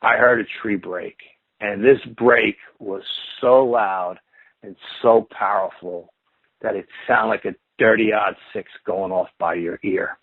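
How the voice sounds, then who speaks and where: Speaking slowly in a steady tone, a man with a lowish, slightly rough voice appears as an interview guest on a tinny phone line, recorded dry. He rambles casually through a long encounter story, using stacked "and then you hear" phrases for repetitive build-ups.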